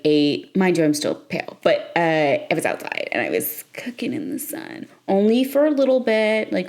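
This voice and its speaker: A woman's voice: low voice, darkish tone. A young woman chatting casually in a late-night vlog, rambling and playful, breaking into squeals and laughter. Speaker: vlogger.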